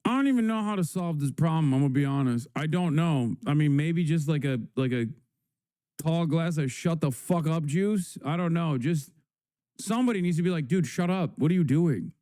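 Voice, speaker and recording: Sarcastic swearing male streamer, dark voice. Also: fairly high pitch, normal speed, no room sound, clean studio sound. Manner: sarcastic, exasperated, swears a lot. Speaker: live streamer reacting to clips. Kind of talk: casual profane commentary.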